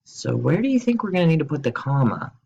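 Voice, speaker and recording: A man teaching a recorded remote grammar lesson at his computer, explaining slowly and spelling words out, with playful quiz questions and jokes. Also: fairly high pitch, sing-song, gravelly, darkish tone, dull audio, a little hiss or hum.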